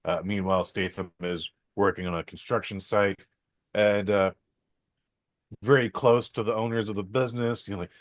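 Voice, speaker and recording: A man's voice: lowish voice, steady tone, moderate pace, no echo. A man hosting a podcast, rambling through a casual film review with many fillers, restarts and some swearing.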